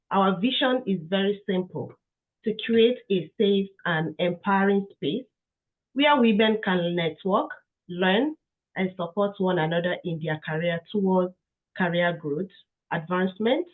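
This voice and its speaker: A woman who founded a tech community gives a workshop talk while under the weather, inviting and warm, with frequent fillers. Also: fairly low pitch, unhurried. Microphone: video call. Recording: tinny phone-like call audio.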